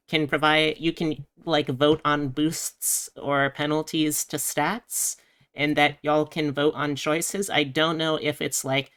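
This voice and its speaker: Casual streamer, slow and smooth, reads chat between play. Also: medium pitch, a bit bright. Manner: chatty, giggly, talks to chat. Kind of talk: casual live-stream commentary.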